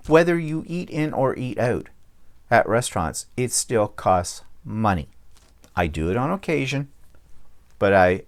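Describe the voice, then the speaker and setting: Man, vlog host, casual rant, blunt, lively pitch. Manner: blunt, checks in with "okay?".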